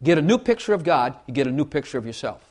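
A man's voice: on the high side, sing-song, quick pace, darkish tone. A man preaching a sermon in a folksy way, repeating phrases and asking the congregation for amens.

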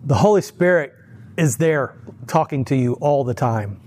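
A man's voice: medium pitch, expressive, normal speed, darkish tone, a little hiss or hum. Brief: man preaching informally, chatty storyteller, chuckles often, restarts sentences, mid-range voice. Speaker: lay preacher. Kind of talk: informal sermon.

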